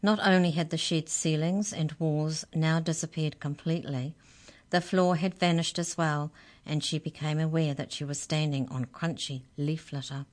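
A woman hosting a radio storytime, reading a children's book aloud in an expressive, gentle way. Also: low voice, moderate pace. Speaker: storytime reader on community radio.

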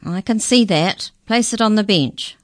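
Woman putting on a gravelly rat officer. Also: medium pitch, a little slow, dry recording, pitched above the performer's own voice, lightly acted. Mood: stern. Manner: stern, demanding, incredulous. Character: suspicious officious giant white rat officer.

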